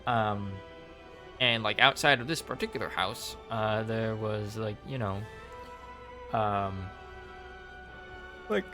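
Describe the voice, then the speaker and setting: A man's voice: lowish voice, slow pace, long pauses, music in the background. A British man recapping a game on stream in a casual, rambling way, full of fillers and restarts.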